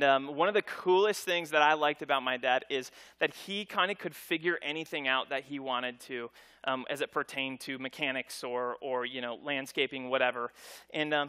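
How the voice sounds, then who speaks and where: Bright high-voiced preaching man. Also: smooth. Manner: conversational, animated storytelling with voiced quotes. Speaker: pastor. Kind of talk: storytelling sermon.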